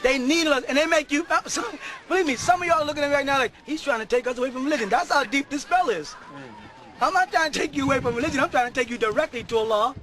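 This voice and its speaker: A middle-aged man preaching a sermon to a live audience, often shouting and laughing. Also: extremely high pitch, fast talker, rough recording.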